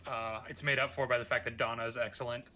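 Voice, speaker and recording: Man, casual chat, bright forward voice, hesitant filler-heavy talk. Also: medium pitch, fast talker, slight background noise. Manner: relaxed, hesitant, lots of fillers. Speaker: co-host of gaming playthrough.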